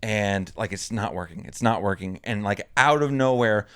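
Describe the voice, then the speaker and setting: A young man, co-hosting a podcast and telling a story in a casual, animated way, jumping up in pitch when he quotes people. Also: moderate pace, clear, resonant tone. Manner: animated, acts out quotes in a raised voice. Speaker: podcast co-host.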